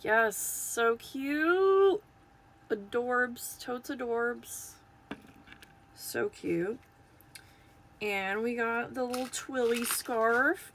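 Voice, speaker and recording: A woman chatting casually to viewers while unboxing toys, gushing and excitable, recorded on a phone. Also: on the high side, drawn-out words, long pauses, slight background noise.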